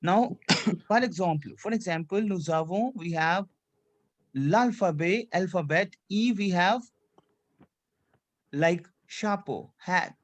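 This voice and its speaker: High-pitched and taking his time, with long pauses, a male French teacher drills his students. He has them repeat after him and inserts French questions like "c'est clair" as he instructs in English.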